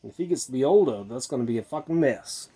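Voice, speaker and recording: Tipsy male vlogger, mid-pitched voice, rambling, repetitive and profane musings, outdoors at night. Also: lively intonation, fast talker, mellow, breathy edge. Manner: repetitive, swearing, musing aloud, addresses viewers as his children. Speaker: vlogger in a "Mother" persona. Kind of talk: rambling late-night monologue to camera. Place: outdoors at night beside a bar.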